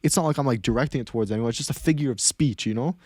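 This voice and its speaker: A man's voice: medium pitch, no echo, clean studio sound. A man hosting a podcast, telling a story in a casual chat with lots of fillers and restarts. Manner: fast, animated storytelling with many fillers. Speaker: podcast host.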